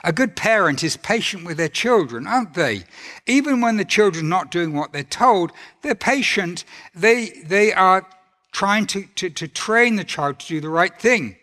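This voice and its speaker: A man delivers a sermon in a gentle, conversational manner, often turning to rhetorical questions. His voice sits a little higher than most men's. A long reverb trails after every phrase, as in a large hall. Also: expressive, moderate pace. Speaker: preacher.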